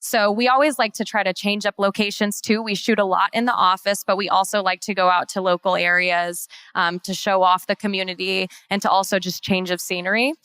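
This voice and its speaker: A woman's voice: medium pitch, flat delivery, brisk, few pauses, fairly bright tone, clear, resonant tone, no room sound. A woman heading marketing for a law firm, giving an organized, businesslike conference presentation.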